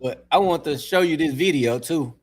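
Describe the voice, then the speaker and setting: A man co-hosts a podcast in a relaxed, casual way. He keeps raising questions for the others. His voice sits slightly high. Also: moderate pace. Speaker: podcast co-host. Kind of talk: casual chat.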